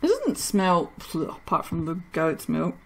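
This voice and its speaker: A woman's voice: on the low side, huge pitch swings, measured pace, creaky, a little hiss or hum. Tired, chatty woman soap maker. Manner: chatty, self-mocking, laughs often. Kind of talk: casual vlog chat while working.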